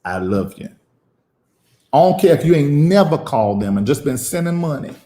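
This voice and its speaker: A man who is a preacher and show host giving emotional live-stream commentary, emphatic and preachy, repeating phrases and pausing at length. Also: on the high side, expressive, dark tone, echoey room.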